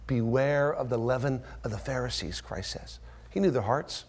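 A male pastor delivering an expository sermon with dramatic swings in volume. He sinks into near-whispers on key words, then climbs sharply in pitch and loudness to drive a point home. His voice sits at an ordinary male pitch between those peaks. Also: fairly quick. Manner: swings from hushed whispers to loud, high-pitched emphatic rises; acts out quoted voices with strong pitch jumps.

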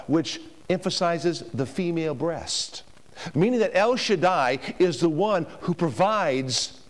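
A man preaching a sermon to a congregation, emphatic, with rhetorical questions to the room. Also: on the high side. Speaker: pastor. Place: church before a congregation.

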